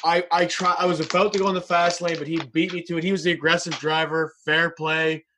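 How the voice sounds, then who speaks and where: A man telling a story in casual chat, profane and animated. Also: a little high, fairly quick, noisy background.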